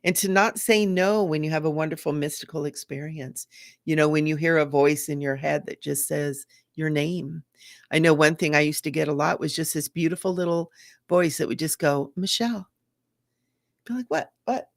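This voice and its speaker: Woman, middle-aged, gravelly, earnest chatty live-stream host, dry. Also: low-pitched, fairly even intonation, normal speed, no echo. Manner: earnest, chatty, with fillers and restarts; greets viewers in chat. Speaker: psychic medium hosting a live stream. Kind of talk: casual live-stream talk.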